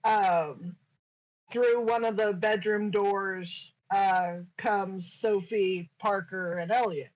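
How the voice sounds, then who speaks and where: A woman narrating a tabletop game as game master in a relaxed, playful way. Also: medium pitch, slow, rough recording.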